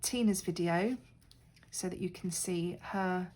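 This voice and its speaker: A woman's voice: fairly low pitch, takes it slowly, a little mellow, a little hiss or hum, rough recording. A middle-aged woman chatting casually and rambling a little while she works on a craft project, poking fun at herself. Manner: chatty, rambling, self-deprecating. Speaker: crafting vlogger.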